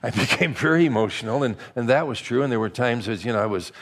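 An older man, a pastor, preaching a sermon in a chatty storytelling way, with lots of restarts and lively asides. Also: mid-range voice, quick pace, slight background noise. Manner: conversational storytelling, many restarts, animated asides.

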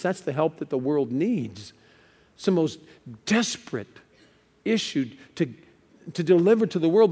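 A man's voice: fairly high pitch, a little mellow, slightly rough, big-room sound. A male pastor preaching a sermon, telling stories with building urgency.

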